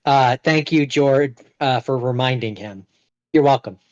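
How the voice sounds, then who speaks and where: A man's voice: mid-range voice, measured pace, a little mellow, dull audio. A man co-hosting a podcast in casual chat, hesitant and full of fillers. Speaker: podcast co-host.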